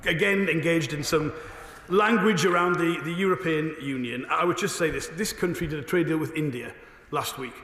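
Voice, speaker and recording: A man, a government minister, answering questions in a parliamentary debate with a brisk, assured delivery and a slightly hoarse voice. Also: fairly high pitch, a bit bright. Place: debating chamber. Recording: echoey chamber with long reverb.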